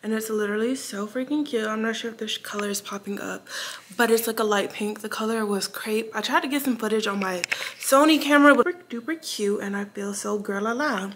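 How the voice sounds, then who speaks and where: A young woman vlogging to her handheld camera, bubbly and excitable, chatty with lots of "like" and "y'all". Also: on the high side, brisk. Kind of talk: casual vlog talk to camera. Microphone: handheld vlog camera. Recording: echoey room with background noise.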